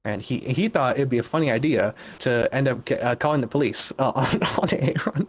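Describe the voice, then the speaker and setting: A man's voice: mid-range voice, fairly quick. A young man telling a workplace story in casual chat, often laughing and restarting his sentences. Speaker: guest caller.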